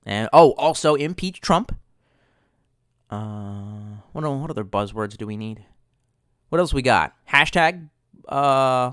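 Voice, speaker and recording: This young man's mid-range, slightly bright, smooth voice has lively intonation, though he speaks slowly with long pauses. Captured in clean studio sound with no echo, he rambles on his livestream, sarcastic and frequently profane, reading out chat messages.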